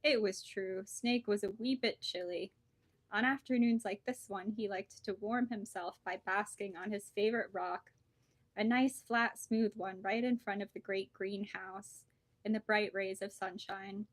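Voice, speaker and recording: A woman bookseller reading a children's storybook aloud with lively, expressive storytelling. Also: medium pitch, measured pace, no room sound.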